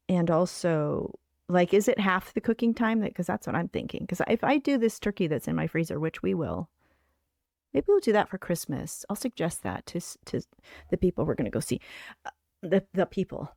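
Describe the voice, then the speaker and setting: Rambling, gravelly older woman host. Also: lowish voice, a little mellow, dry recording, clean studio sound. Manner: rambling, chatty, many fillers. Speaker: livestream host. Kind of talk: casual chat.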